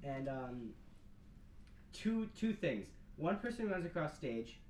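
A man's voice: a little high, takes it slowly. A young man co-hosting a podcast, telling stories and teasing friends in casual chat. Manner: teasing, animated storyteller. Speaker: podcast co-host. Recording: roomy with faint noise.

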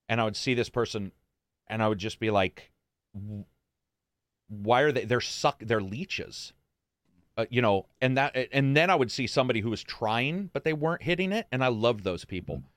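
A man's voice: mid-range voice, no room sound. A man hosting a casual chat, telling stories in a blunt, profane way. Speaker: podcast host.

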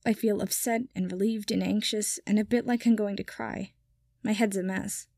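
A woman's voice: medium pitch, steady tone, normal speed, gravelly, a little mellow, no room sound, clean studio sound. A woman voicing a sour, curt young nobleman who speaks in clipped lines.

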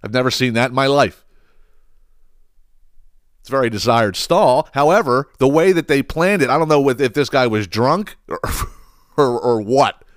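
A man's voice: medium pitch, moderate pace, pauses often, dry recording, studio quality. A man telling a story in a casual comedic podcast rant, swearing often and repeating words as he goes. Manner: animated, profane ranting with frequent restarts. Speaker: podcast host.

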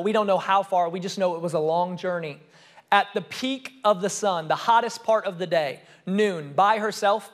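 A young adult man, a student pastor, preaching a sermon with emphatic, repeated phrases that rise and fall in loudness. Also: sits high.

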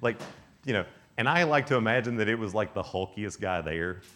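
A man's voice: lowish voice, brisk, slight background noise. A young man preaching a youth camp sermon, telling stories with acted-out voices and frequent laughter. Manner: animated storytelling, acts out voices, laughs often. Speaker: youth speaker.

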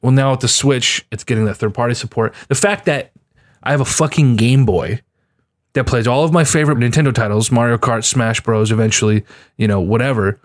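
Casual young male podcast host, relaxed, easy laughs, mid-pitched voice. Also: a little fast. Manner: laid-back, swears casually, laughs often.

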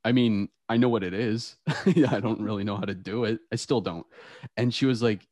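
A man's voice: lowish voice, a little fast, dry recording. A young man hosting a podcast, chatting casually and telling stories with frequent laughter. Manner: animated storytelling, laughs often. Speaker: podcast host. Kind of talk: casual chat.

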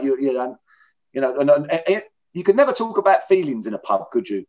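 Middle-aged bloke, blunt and candid, dull lo-fi sound. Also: male voice, medium pitch, expressive, a little fast, a little mellow. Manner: blunt, candid, plain-spoken. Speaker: interviewee in recovery. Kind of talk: personal testimony in conversation. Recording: dull lo-fi recording.

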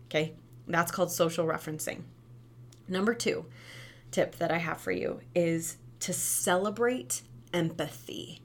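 A woman who used to teach preschool, giving casual parenting advice in a lively, conversational way and often asking "right?". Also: a little slow. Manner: animated, acts out quoted kids and parents with big pitch jumps.

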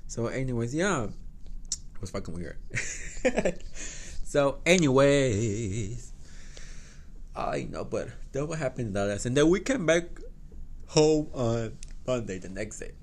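Animated young man. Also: medium pitch, a little slow. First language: Spanish. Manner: animated, swears a lot, laughs often. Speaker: podcast host. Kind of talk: casual storytelling.

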